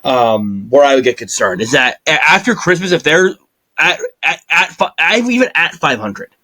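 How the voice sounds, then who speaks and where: A man's voice: a little high, animated, moderate pace, bright, forceful tone, low-quality recording. A man co-hosting a podcast, talking bluntly and jokingly about hockey. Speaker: podcast co-host. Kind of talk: casual sports chat.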